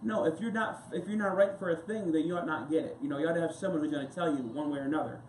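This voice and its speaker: A male pastor speaking from the pulpit with a somewhat high voice. He preaches in a relaxed, wandering way, stopping for stories and side remarks. The sound is roomy and echoing, with a faint hum of ambience behind him. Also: very fast. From United States. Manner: conversational, rambling preaching with anecdotes and asides. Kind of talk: sermon. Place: church sanctuary. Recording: echoey church room with faint ambience.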